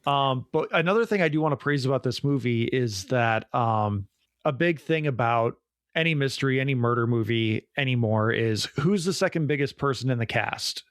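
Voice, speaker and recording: A man's voice: mid-range voice, moderate pace, clean tone, no room sound, clean studio sound. Chatty man rambling about films. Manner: rambling, enthusiastic, many "like"s. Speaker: podcast co-host. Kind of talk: casual film review chat.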